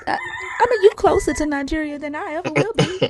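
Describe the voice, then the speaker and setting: A woman's voice: high voice, fast, background noise. A woman with a Southern US accent hosts a livestream, bluntly and profanely pressing a caller with questions. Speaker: livestream host. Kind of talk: casual debate with callers.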